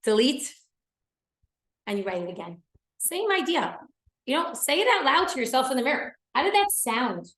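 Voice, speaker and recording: A woman's voice: high-pitched, sing-song, moderate pace, pauses often, fairly bright tone. Female teacher, earnest lecture delivery, leans on repeated words, roomy echo. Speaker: teacher of a class for women. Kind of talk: lecture to a class.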